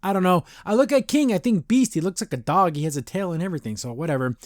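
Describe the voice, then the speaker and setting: A man with a fairly high voice gives a loose, chatty podcast recap of a cartoon episode. He circles back and restarts often, and keeps dropping into quick paraphrased impressions of the characters. The sound is dry and close, with no room around it. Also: lively intonation, no echo. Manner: rambling, loose retelling with frequent restarts and fillers.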